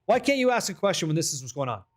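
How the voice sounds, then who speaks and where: A young man streaming a game, chatting casually with viewers, reading patch notes aloud and swearing freely when excited. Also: a little high, rapid-fire. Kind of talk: casual live-stream chat.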